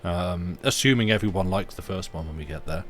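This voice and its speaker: Low-voiced man, rambling stream chat. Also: brisk, fairly bright tone, a little hiss or hum. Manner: rambling, hesitant, many ums. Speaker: co-host of a game stream. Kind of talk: casual chat on a live stream.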